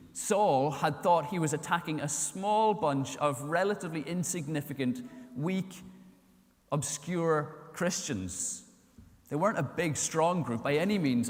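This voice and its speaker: Man preaching, storytelling sermon, fairly high voice, long church reverb. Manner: storytelling, acts out voices in quotes.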